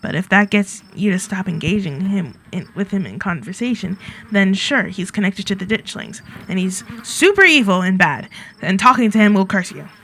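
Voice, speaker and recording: A woman's voice: mid-range voice, expressive, moderate pace, rough recording. A woman doing a sarcastic, dismissive young woman. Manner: curt, sarcastic. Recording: loud game music behind.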